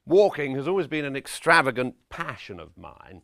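A pompous vain old-school actor. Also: male voice, mid-range voice, very animated, normal speed, fairly bright tone. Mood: self-important. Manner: pompous, self-regarding theatrical lecturing. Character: vain pompous middle-aged male character actor. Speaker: actor giving acting advice. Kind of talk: deadpan spoof documentary address.

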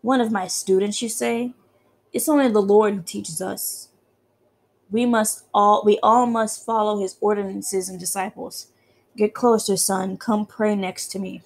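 A woman's voice: medium pitch, fairly even intonation, unhurried. A woman voicing a frail, blind old male priest who preaches and chants prayers in a solemn way while she reads game dialogue aloud.

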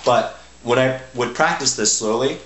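A man teaching violin, explaining musical phrasing in a halting way and often restarting his sentences. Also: mid-range voice. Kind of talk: instructional explanation between playing. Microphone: camera mic. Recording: echoey room with violin playing.

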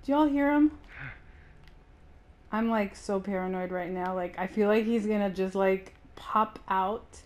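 A woman giving anxious let's-play commentary, yelping and shouting at enemies. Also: mid-range voice, measured pace. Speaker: gaming streamer.

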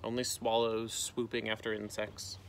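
A man, a teacher, reading a storybook aloud outdoors, with lively voices for the characters and a gentle sign-off. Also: on the low side, moderate pace, a little hiss or hum. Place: outdoors in a canoe.

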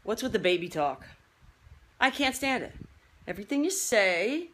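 A woman's voice: a little high, very animated, moderate pace, sharp tone. A woman fitness trainer delivering a blunt, scolding rant as a public service announcement, brash and fired-up and casually swearing.

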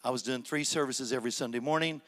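A man's voice: mid-range voice, fast, fairly bright tone. An older man, a pastor, preaching a sermon as a personal story and acting out the dialogue with rising, emphatic peaks. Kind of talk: sermon testimony. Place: church sanctuary.

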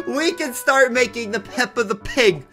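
Hyper young man with a bright, high voice. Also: animated, slow, faint music behind. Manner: hyper, jokey, prone to mock outrage. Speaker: gaming YouTuber. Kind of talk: excited gameplay commentary.

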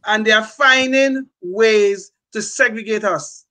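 Emphatic older man, bright and high. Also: takes it slowly. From California. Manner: emphatic, repetitive restarts. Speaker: podcast co-host. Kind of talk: political commentary.

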